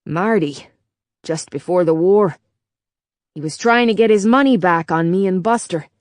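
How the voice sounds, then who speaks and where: A woman's voice: on the low side, moderate pace, dry recording, clean studio sound, lightly acted. A woman voicing a Chicago-accented robot bartender. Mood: bitter. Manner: brash, profane working-class bar talk. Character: worn-out male robot bartender, crude and confused.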